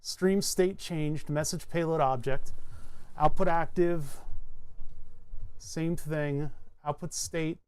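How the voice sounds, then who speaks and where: A man streaming live, thinking aloud in a halting, self-interrupting way as he works through a technical problem. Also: a little high, steady tone, a little mellow, clean tone. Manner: muttering, halting, self-interrupting while debugging.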